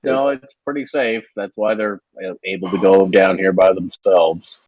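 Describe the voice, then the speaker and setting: A man's voice: sits low, fairly even intonation, moderate pace, darkish tone, no room sound, muffled recording. A man running a tabletop game as game master, hesitant and repeating words.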